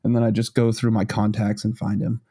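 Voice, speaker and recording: A man's voice: fairly low pitch, completely flat delivery, a little fast, warm tone, breathy edge. A man co-hosting a casual podcast chat, rambling with many restarts and frequent laughter. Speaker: podcast co-host.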